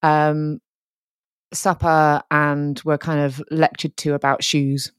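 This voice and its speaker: A woman co-hosting a podcast, telling stories in a chatty, animated way. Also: deep voice, takes it slowly, clean tone, dry recording, studio quality. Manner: chatty, animated storytelling with quoted voices. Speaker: podcast co-host. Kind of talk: casual chat.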